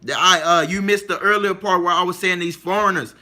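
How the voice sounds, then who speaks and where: This livestream host is a man whose voice sits high, with fairly even intonation and a brisk pace, against a noisy background. His casual monologue is emphatic and repetitive, and he frequently asks listeners whether they follow him.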